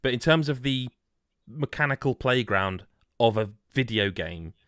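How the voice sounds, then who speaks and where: Animated man on a dry mic. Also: mid-range voice, measured pace, clean tone, no echo. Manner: animated, laughs while telling stories. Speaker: podcast co-host. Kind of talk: casual chat.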